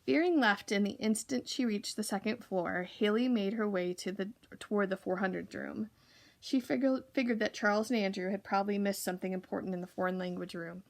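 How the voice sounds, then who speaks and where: A woman reading a children's novel aloud for a library, steady with occasional slips. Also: medium pitch, vocal fry. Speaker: library reader.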